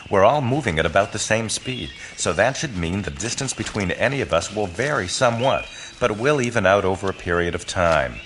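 Male audiobook narrator: low, lively voice, first-person, expressive storytelling. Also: slight background noise.

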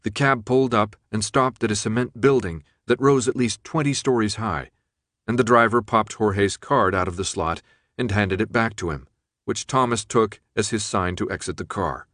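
Low-voiced man reading an audiobook. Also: no echo, studio quality. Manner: steady, measured reading. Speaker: audiobook narrator. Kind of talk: scripted narration.

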